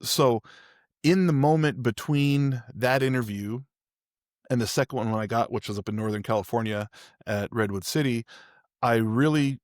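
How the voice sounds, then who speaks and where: Recorded dry in studio quality, a mid-range male voice hosts a podcast. He rambles through a candid personal story in casual storytelling style, frequently restarting sentences.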